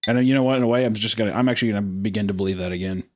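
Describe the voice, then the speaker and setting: A man's voice: fairly low pitch, rapid-fire, a little mellow, slight background noise. A young man co-hosting a podcast, swearing a lot and joking loosely in casual banter. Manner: profane, jokey, does silly voices. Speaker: podcast co-host.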